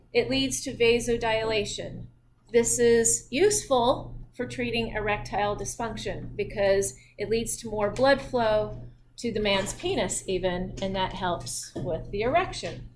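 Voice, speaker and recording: A woman's voice: a little high, slight background noise. A woman instructor giving a recorded physiology lecture in a chatty way, with jokey asides and laughter at her own slips.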